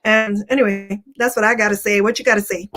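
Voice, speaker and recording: A woman's voice: mid-range voice, fairly even intonation, quick pace, fairly bright tone. A woman hosting a motivational live stream, talking casually and repeating her key phrases for emphasis.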